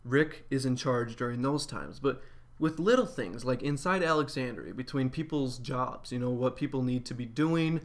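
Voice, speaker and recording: A man's voice: medium pitch, normal speed. A man giving a casual spoken episode review, rambling with lots of fillers.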